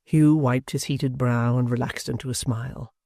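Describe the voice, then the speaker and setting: An audiobook narrator reading a classic novel in a measured, unhurried way. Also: medium pitch, fairly even intonation, darkish tone, no room sound, clean studio sound. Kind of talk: scripted narration.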